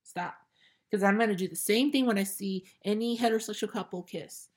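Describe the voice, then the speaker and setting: A young woman in her twenties hosts her own show and rants casually. She is blunt and sassy, and she swears freely. Her voice sits at an everyday middle pitch. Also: quick pace, slightly rough. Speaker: podcast host reacting to clips. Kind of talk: casual ranting commentary.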